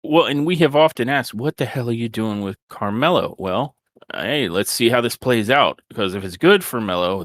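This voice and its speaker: This podcast co-host has a lowish, slightly bright voice, recorded with no echo. He recaps a wrestling show on a casual podcast, tossing in sarcastic asides and acting out the wrestlers' lines in mocking impressions.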